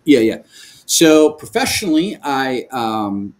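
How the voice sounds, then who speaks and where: A man's voice: mid-range voice, takes it slowly. Storytelling man on a video call. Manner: lively storytelling with frequent laughs and restarts. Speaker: guest, worship leader. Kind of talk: remote video call interview. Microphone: video call microphone.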